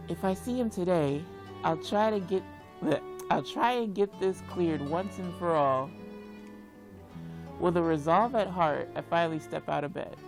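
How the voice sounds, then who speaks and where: A woman playing a video game and reading its text aloud, reacting loudly and dramatically. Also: lowish voice. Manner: reads dialogue aloud, with loud dramatic reactions. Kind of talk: let's play reading and reacting.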